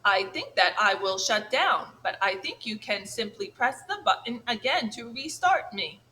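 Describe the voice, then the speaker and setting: A woman voicing a gentle female robot mother who speaks in a formal, calm, even way without contractions. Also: medium pitch, a little slow, rough recording.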